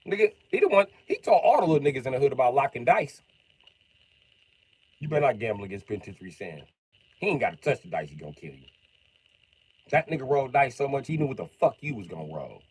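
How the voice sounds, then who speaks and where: A man on a livestream telling comedic stories in animated, profane street slang. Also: mid-range voice, quick pace, long pauses, husky. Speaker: livestream host. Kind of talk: comedic storytelling.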